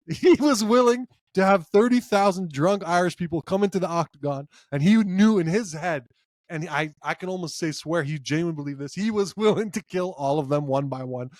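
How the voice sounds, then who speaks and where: A man co-hosting a casual sports podcast, telling animated stories, acting out quotes and laughing often. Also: sits high, fairly quick, no room sound, studio quality. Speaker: podcast co-host.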